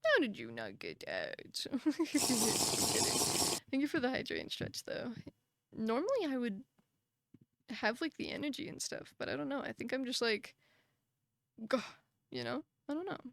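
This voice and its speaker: Young woman streamer, tired and breathless, higher voice with a fry edge, casual and chatty. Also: wildly swooping pitch, normal speed, pauses often, no echo, studio quality. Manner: chatty, sympathetic, frequent fillers and soft laughs. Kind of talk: casual live-stream chat, reading chat aloud.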